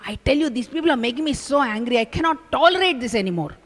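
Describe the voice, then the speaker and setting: A woman voicing an irritable male sadhu who is quick to anger. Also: high-pitched, expressive. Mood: irritated. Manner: exasperated, then reflective. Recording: long hall reverb.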